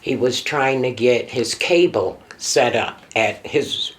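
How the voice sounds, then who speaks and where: A middle-aged woman, the mother in a documentary interview, reminiscing emotionally with her pitch sometimes rising sharply. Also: slow pace.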